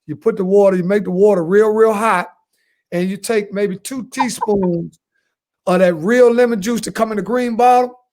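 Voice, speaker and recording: Guy w a high voice on a podcast, brags and repeats himself a lot, cracks up at his own bits. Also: steady tone, moderate pace, darkish tone. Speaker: podcast co-host. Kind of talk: crude comedic podcast banter.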